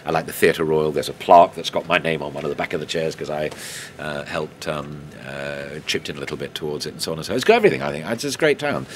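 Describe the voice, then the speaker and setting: A man's voice: extremely low pitch, quick pace, a little hiss or hum. An older English man, a TV news presenter, answering interview questions in a chatty, anecdotal way with fillers and self-corrections.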